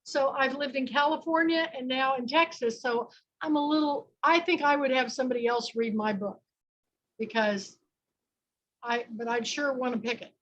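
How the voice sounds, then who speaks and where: A woman's voice: high-pitched, fairly even intonation, moderate pace, fairly bright tone, lo-fi sound. A woman from Kansas hosting an online book club, chatting and making rambling announcements over a video call.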